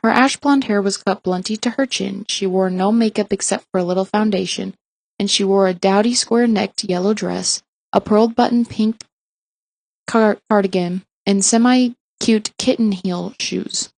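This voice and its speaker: A woman's voice: medium pitch, normal speed, vocal fry, dry recording. Woman reading a story, dry close sound. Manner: even reading with small slips and restarts. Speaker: audiobook reader. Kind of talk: read-aloud fiction narration.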